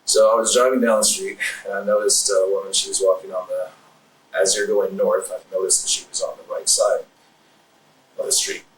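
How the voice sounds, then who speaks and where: A man's voice: low voice, flat delivery, brisk, far from the mic. A man being questioned by police, telling his story in a rambling way, full of fillers and restarts. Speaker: suspect in interrogation. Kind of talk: recounting events under questioning. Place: police interrogation room. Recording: roomy interrogation room audio from afar.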